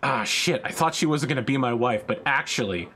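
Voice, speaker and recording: A man's voice: medium pitch, expressive, fairly quick, bright, forceful tone, slight background noise. A man voicing a boastful, girl-crazy young male fantasy hero with smug, offhand bragging.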